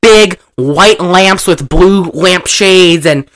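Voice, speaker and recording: A man casually retelling an old film, animated and profane, laughing often and acting out the characters' lines. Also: high-pitched, drawn-out words. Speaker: movie recapper.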